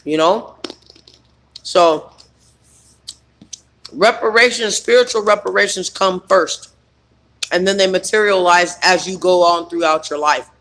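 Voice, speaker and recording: A man's voice: high voice, unhurried, pauses often, pushed and bright. A man coaching on trauma healing in a rambling, emphatic spiritual self-help monologue full of fillers.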